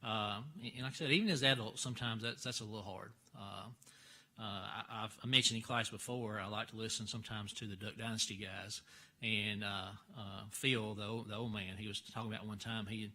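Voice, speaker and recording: A man teaching a church Bible class, folksy and halting, full of fillers and restarts. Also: on the low side, fairly even intonation, bright, forceful tone. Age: older.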